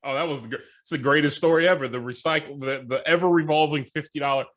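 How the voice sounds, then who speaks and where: A man chatting on a podcast in a blunt, wisecracking way, tossing in some mild swearing. His voice sits a little above the usual pitch for a man. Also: fairly even intonation, fast talker. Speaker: podcast co-host. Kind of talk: casual chat.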